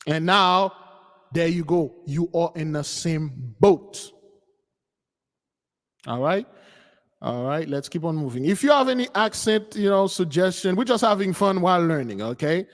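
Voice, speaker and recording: A man's voice: on the high side, expressive, measured pace. A man hosting a livestream commentary, talking in an emphatic, preachy way and repeating his points. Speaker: channel host. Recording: long reverb.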